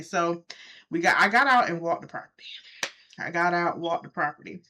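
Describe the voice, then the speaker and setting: A woman, casually telling her viewers a story from her own life, talking straight to them and jumping up in pitch when she quotes people. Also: normal speed, noisy background. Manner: animated, talks straight to viewers, jumps high when quoting. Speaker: vlogger.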